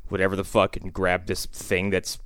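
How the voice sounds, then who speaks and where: A man's voice: low-pitched, normal speed, smooth, no echo, clean studio sound. A man co-hosting a casual, profane movie discussion who keeps acting out the characters. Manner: profane, animated, acts out characters. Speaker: podcast co-host.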